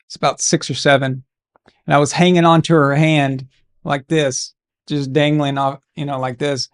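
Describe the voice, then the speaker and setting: A man's voice: on the high side, little pitch movement, moderate pace, clear, resonant tone. Chatty man on a live game stream. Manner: casual, encouraging, chatty. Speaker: watch-along stream host. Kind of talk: live game watch-along commentary and storytelling.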